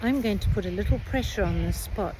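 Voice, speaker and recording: A woman voicing a gentle, practical small winged boy who speaks calmly. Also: medium pitch, a little fast, heavy background noise, natural voice.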